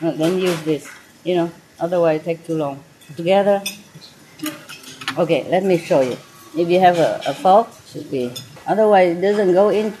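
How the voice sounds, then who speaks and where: A woman's voice: lowish voice, moderate pace, long pauses, warm tone. A woman hosting guests at her restaurant table, joking, laughing often and chatting in non-native English with bits of French. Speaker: restaurant owner and host. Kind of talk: casual dinner chat with guests. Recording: noisy dining room with clinking dishes.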